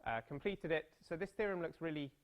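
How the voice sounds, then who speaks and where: A man's voice: on the high side, a little fast. A British man in his thirties giving a mathematics seminar talk, chatty and self-deprecating, with playful storytelling asides. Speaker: mathematics lecturer. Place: seminar room.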